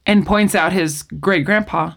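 A woman in casual conversation, telling a story with lively acted-out quotes. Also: lowish voice, measured pace, gravelly. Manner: animated storyteller, acts out quoted voices. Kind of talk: casual chat.

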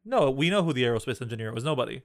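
A man's voice: medium pitch, sing-song, rapid-fire. A man co-hosting a casual podcast, bluntly arguing his points and swearing. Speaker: podcast co-host.

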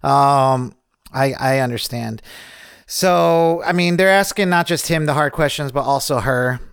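A man's voice: medium pitch, unhurried, vocal fry, smooth. A man co-hosting a podcast, chatting casually and enthusiastically, rambling and laughing easily. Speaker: podcast co-host. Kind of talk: casual chat.

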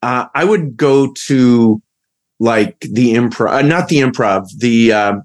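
A man's voice: mid-range voice, slow. A man hosting a podcast, playful and joking in a casual, rambling chat. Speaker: podcast host.

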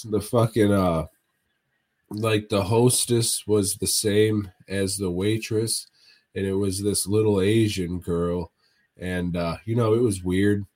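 A man's voice: lowish voice, a little mellow. A man hosting a podcast, casually telling a profane, funny story and laughing along. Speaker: podcast host.

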